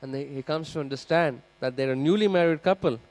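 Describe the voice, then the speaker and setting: Speaking quickly in a fairly high voice, a man teaches scripture in a temple hall. He tells the story with animation, acting out each character and addressing his listeners directly, sermon-style.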